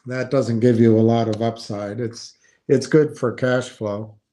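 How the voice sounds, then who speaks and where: A man's voice: mid-range voice, steady tone, a little slow, mellow. A man giving casual, skeptical commentary on investing, thinking aloud and reading from a website.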